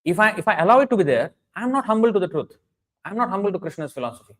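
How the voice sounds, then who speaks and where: A man's voice: high voice, very animated, very fast, poor audio. A man giving an earnest, emphatic sermon, often restarting phrases and chanting Sanskrit verses. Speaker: preacher. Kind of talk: sermon lecture.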